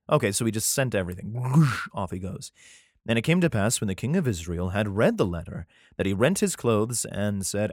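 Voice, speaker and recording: A man with a low voice reads an old Bible passage aloud, then keeps cutting in with crude, sarcastic jokes. His pitch jumps all over the place as he mocks the story. The sound is close and dry, with no room at all. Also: sing-song, moderate pace, dry recording. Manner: profane, sarcastic asides between read passages; reads archaic scripture aloud, stumbling and rereading. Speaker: podcaster reading and commenting on the Bible. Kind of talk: casual irreverent Bible reading with commentary.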